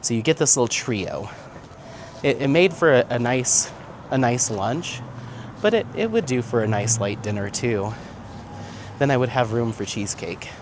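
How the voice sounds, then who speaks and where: A man talks in an easy, chatty way while out walking, laughing often and reading viewers' comments aloud. Faint street and traffic noise sits under his voice. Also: mid-range voice. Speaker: vlog host. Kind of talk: casual chat while walking. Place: outdoors on town streets. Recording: street noise, outdoor recording. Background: faint street and traffic sounds.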